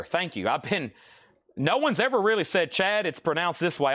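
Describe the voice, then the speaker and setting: Brisk man running an auction. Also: a little high, sing-song, fairly bright tone. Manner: brisk, repeats prices, checks in with "okay?". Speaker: live auction host. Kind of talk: live-stream record auction patter.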